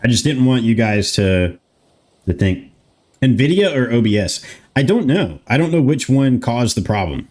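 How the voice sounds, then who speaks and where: A man's voice: mid-range voice, animated, moderate pace, a little mellow. An American man around thirty, streaming a game and chatting loosely with his viewers, rambling and swearing casually. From United States. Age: 30s. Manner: rambling, talks back to chat, swears casually. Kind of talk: casual gameplay commentary reading chat.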